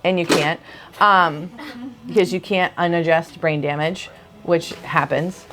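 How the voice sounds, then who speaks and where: Animated, outspoken woman co-host. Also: on the low side, a little slow, music in the background. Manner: animated storyteller who acts out quoted relatives; blunt, outspoken opinions. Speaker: chiropractor and podcast co-host. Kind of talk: casual conversation with her husband.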